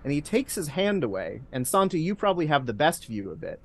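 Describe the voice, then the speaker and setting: A man narrating a tabletop game as game master in a hushed, suspenseful way. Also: a little high, big pitch swings, brisk.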